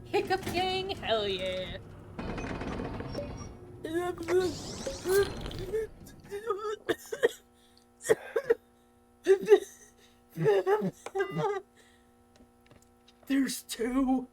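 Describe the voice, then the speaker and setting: A woman streaming a game live, chatty and excitable, swearing often and talking to her chat. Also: very high voice, very slow, pauses often, over music. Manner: excitable reactions, sudden outbursts. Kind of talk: live gaming commentary.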